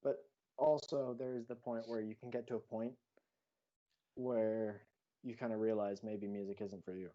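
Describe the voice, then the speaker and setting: A man's voice: lowish voice, level tone, moderate pace, warm tone. Rambling teen boy from Hawaii. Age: teens. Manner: rambling, many fillers and self-corrections. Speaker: guest. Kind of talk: casual chat. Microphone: video call. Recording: lo-fi call audio.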